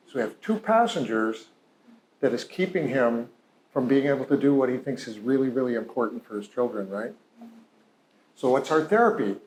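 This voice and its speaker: A man's voice: medium pitch, animated, moderate pace, a little mellow, a little hiss or hum. A male psychologist telling a patient's story in a conversational, heartfelt lecture, full of "you know" and "like". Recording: roomy echo.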